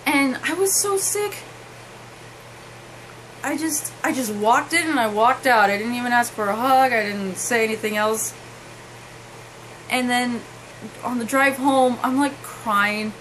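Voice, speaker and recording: Young woman vlogger, slightly high voice, earnest and halting, faint hiss behind. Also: a bit bright, poor audio. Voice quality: halting and emotional, with many restarts. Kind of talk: emotional personal storytelling.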